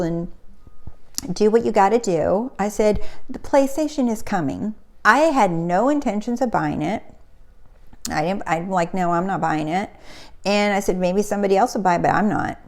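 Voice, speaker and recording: A woman's voice: medium pitch, darkish tone. A middle-aged woman, a spiritual coach, telling a personal story in a casual motivational talk and acting out the quotes.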